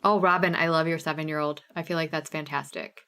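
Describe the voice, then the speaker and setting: A woman's voice: deep voice, fairly even intonation, quick pace, sharp tone, clean tone. A woman in her thirties with a Midwestern American accent, hosting a live craft sale stream in a casual, bubbly way and reading out viewers' names.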